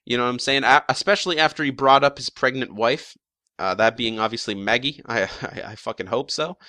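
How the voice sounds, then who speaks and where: A man's voice: medium pitch, fairly quick, bright, forceful tone, no room sound, studio quality. A young man talking casually about episode predictions, rambling with lots of fillers, restarts and the odd swear word. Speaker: YouTube show commentator.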